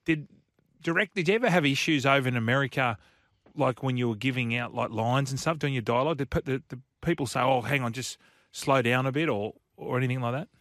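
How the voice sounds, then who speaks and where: A man's voice: medium pitch, quick pace, fairly bright tone, no room sound, studio quality. A man co-hosting a casual radio chat, asking loose, chatty questions and laughing easily. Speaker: radio co-host. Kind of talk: casual chat show interview.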